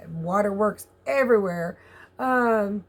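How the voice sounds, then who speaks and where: A woman with a Southern US accent in a chatty, candid vlog, laughing often and swearing casually as she rambles. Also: mid-range voice. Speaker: vlogger.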